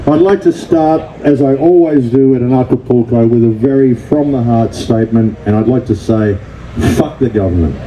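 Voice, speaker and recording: A man's voice: mid-range voice, normal speed, lo-fi sound, background noise. A man giving a blunt, profane, ranting conference speech, often addressing the crowd as folks. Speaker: conference speaker. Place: conference stage.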